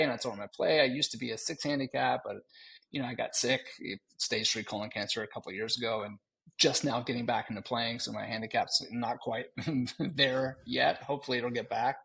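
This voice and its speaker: Gravelly, husky-voiced man telling stories. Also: mid-range voice, a little fast. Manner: animated, laughing, slips into joking voices. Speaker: podcast co-host. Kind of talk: casual storytelling chat.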